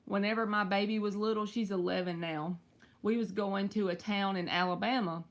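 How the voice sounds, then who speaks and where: A woman in her thirties from Southwest Georgia with a Southern accent, hosting a casual live tarot stream, chatty and quick to laugh. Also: medium pitch, fairly even intonation. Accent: Southern US, rural Georgia. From Southwest Georgia, USA. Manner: chatty, laughs often, talks to viewers by name.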